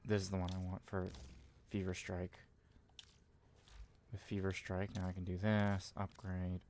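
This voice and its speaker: A man swearing and rambling casually as he streams a video game, reacting loudly to what happens on screen. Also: low-pitched, monotone, measured pace, slight background noise. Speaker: gaming streamer. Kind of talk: casual gameplay commentary.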